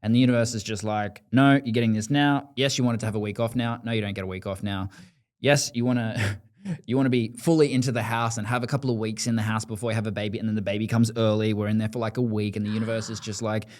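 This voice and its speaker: Male host, fairly low voice, chatty storyteller who acts out quotes. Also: fairly even intonation, quick pace, a little mellow. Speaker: podcast host. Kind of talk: casual storytelling conversation.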